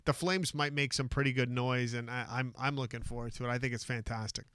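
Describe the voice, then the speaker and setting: A man giving measured hockey analysis, pausing on "uh" as he thinks. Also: mid-range voice, steady tone, fairly bright tone, clear, resonant tone, no echo, clean studio sound. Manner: measured, lots of "uh" while thinking. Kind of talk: casual sports talk.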